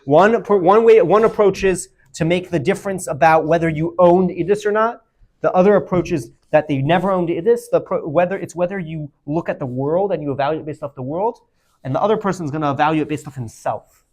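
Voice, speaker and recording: A man teaching Talmud to a class, animated, calling on students by name and quizzing them. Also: a little high, fairly quick.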